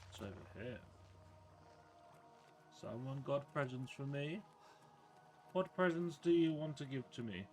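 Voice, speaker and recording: Brief: male streamer talking low and slow over his gameplay, soft music underneath. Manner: quiet, muttering running commentary to himself. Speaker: game streamer. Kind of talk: live gameplay commentary.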